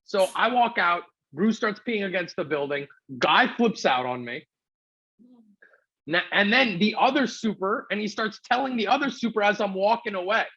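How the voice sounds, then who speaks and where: A man's voice: sits high, expressive, moderate pace, pushed and bright, breathy edge. A man from New City, sick with covid, telling a rambling, profane story as a comedy podcast host. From New York City. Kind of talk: casual storytelling chat. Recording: dull lo-fi sound.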